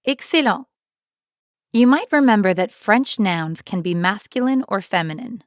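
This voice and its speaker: Woman, language teacher, scripted lesson, clear encouraging delivery, mid pitch, dry close sound. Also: lively intonation, moderate pace, no echo. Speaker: French teacher.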